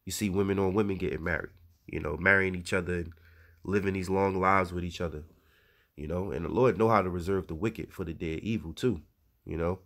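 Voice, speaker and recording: Low voiced guy reading bible verses and chatting about them, lots of asides. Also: steady tone, fairly quick, fairly bright tone. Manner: conversational, reads verses aloud, frequent "you know" asides. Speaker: religious teacher. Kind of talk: informal scripture teaching.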